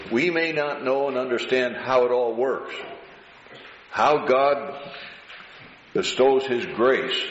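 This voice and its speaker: A man preaching a sermon slowly and deliberately, drawing out words for emphasis. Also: lowish voice, a bit bright. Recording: roomy, dull hall recording with faint hiss.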